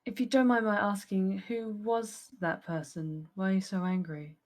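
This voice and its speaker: Woman player in a tabletop game, polite and calm, normal middle pitch. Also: moderate pace. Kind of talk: tabletop role-play.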